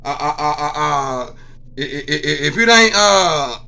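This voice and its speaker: A man's voice: a little high, lively intonation, a little slow, creaky, bright, forceful tone, soft background music. A man giving an emotional, preachy testimony monologue to his viewers, repeating "see what I'm saying.". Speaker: vlogger.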